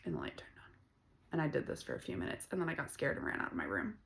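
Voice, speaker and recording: A woman's voice: rumbling low, huge pitch swings, very fast, gravelly, whispered. Blunt, rambling woman reading tarot. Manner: blunt and profane, rambling and conversational. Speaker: tarot reader. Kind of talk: casual tarot reading monologue.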